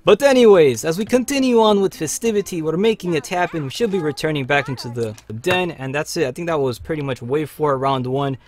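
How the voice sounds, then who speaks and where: A man hosting a live gameplay stream, chatting in slang and cheering on his teammates with loud bursts of excitement. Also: fairly high pitch, a little fast, few pauses. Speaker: livestream host. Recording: faint game music behind.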